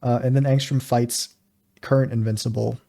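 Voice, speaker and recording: A man's voice: mid-range voice, level tone, moderate pace, gravelly, mellow. A man co-hosting a casual podcast, animatedly recapping an episode. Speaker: podcast co-host.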